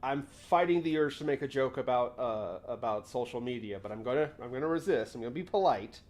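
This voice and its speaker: A man's voice: medium pitch, lively intonation, fairly quick, a little mellow. A young man hosting a casual livestream, rambling and often interrupting himself to answer chat. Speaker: livestream host.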